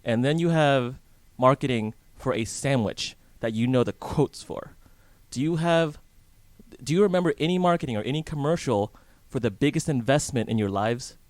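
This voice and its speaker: A man's voice: mid-range voice, lively intonation, normal speed, a little mellow, no room sound. Chatty male radio guest. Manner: chatty, asks the hosts questions, restarts often. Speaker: real estate guest. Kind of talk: casual radio interview. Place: radio studio in a hotel.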